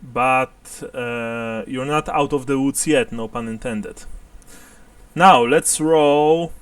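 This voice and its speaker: A man's voice: mid-range voice, slow pace, clear, resonant tone, dry recording, recorded from a distance. A man narrating a tabletop role-playing game as game master, chuckling often as he describes scenes.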